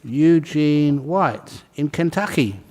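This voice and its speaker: Slow, chatty man calling out names. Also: a little high, lively intonation, a little mellow. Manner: chatty, laughs between names. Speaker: Buddhist monk leading a ceremony. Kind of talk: casual, joking roll call of names. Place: large hall.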